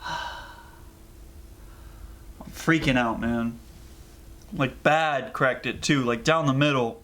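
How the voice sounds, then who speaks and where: A man's voice: medium pitch, a little slow, long pauses, a bit bright. A young man vlogging casually in a rambling, anxious way, with lots of fillers. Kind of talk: casual vlog.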